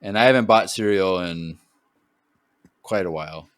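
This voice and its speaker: Chatty co-host: a man with a smooth, clean voice who fills the gaps with loose, self-deprecating talk. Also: low voice, normal speed, dry recording, studio quality. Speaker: podcast co-host. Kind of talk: casual podcast chat.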